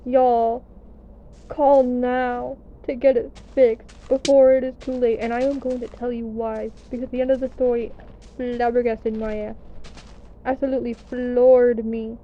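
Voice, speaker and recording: A young woman from the US tells a rambling story while gaming, casual and self-deprecating, with a bit of swearing. Her voice sits a little high. The recording is dull and lo-fi with a faint hiss underneath. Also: little pitch movement, a little slow. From United States. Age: young adult. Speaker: gaming vlogger. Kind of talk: casual storytelling over gameplay.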